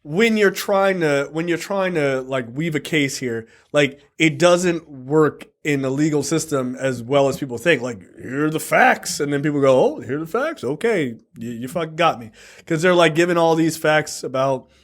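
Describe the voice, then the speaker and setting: A man's voice: on the high side, expressive, moderate pace. A man co-hosting a podcast in casual chat, laid-back and profane, laughing often as he talks. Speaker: podcast co-host.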